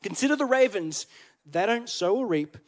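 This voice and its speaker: A man preaches in a church with a high voice. He talks in a chatty, joking way and keeps asking the congregation questions. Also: expressive, moderate pace. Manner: chatty, joking, asks the crowd. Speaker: pastor. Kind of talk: sermon.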